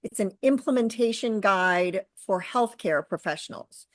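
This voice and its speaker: A woman's voice: mid-range voice, animated, no room sound. Middle-aged woman guest, earnest, lots of ums and restarts, dry mic. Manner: earnest, halting, many fillers and restarts. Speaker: guest, author and caregiver. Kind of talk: conversational interview.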